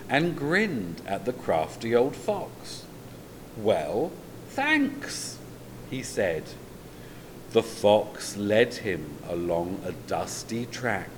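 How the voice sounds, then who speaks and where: Male storyteller, very slow, lively read-aloud, faint rumble. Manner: expressive, drawn-out read-aloud delivery. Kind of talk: children's story reading.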